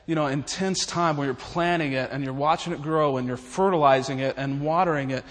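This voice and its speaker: A man's voice: a little high, a little fast. A man preaching in a humorous, folksy way, chuckling his way through stories. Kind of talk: humorous storytelling sermon. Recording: long reverb of a large hall.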